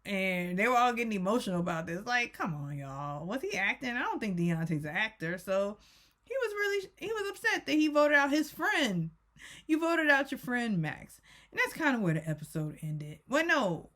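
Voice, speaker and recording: Animated chatty woman recapping a show. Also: on the high side, moderate pace. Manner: animated, chatty, talks straight to viewers; exclamatory, teasing asides. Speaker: TV recap vlogger. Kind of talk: casual rant-style show recap.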